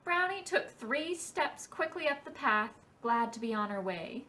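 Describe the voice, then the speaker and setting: Woman, library storytime reader, picture book aloud, slow, lively pitch, fairly high voice. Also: far from the mic. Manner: slow and expressive, storybook cadence.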